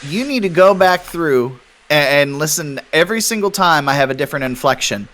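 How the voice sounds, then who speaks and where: A man's voice: on the high side, expressive, fairly quick, a bit bright. A man co-hosting a casual gaming podcast, teasing the host playfully. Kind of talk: casual chat.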